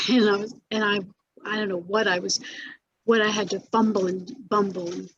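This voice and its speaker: A woman's voice: mid-range voice, steady tone, moderate pace, a bit bright, husky, highs cut off. An older woman being interviewed about her acting career, telling stories with many restarts, fillers and laughs. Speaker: actress interviewee. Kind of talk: casual interview recollection.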